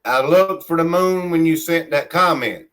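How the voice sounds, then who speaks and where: A man's voice: fairly high pitch, moderate pace, fairly bright tone, clear, resonant tone. A man with a Southern country accent hosting a casual livestream from his home on a phone held in his hand, reading viewer comments aloud in a rambling, friendly way and calling himself by his nickname. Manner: rambling and friendly, refers to himself in the third person. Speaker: livestream host.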